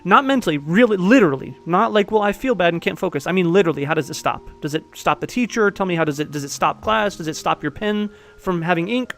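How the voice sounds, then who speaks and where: A man's voice: sits high, lively intonation, fast talker, hardly any pauses, fairly bright tone, soft background music. A man giving casual life-coaching advice, blunt and profane, pressing his listener with direct questions. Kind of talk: casual one-on-one advice talk.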